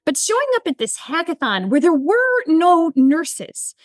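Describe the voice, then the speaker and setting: A woman's voice: extremely high pitch, very animated, a little slow, no room sound, clean studio sound. A woman guest, a nurse entrepreneur, telling stories animatedly and acting out quoted dialogue. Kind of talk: storytelling in interview.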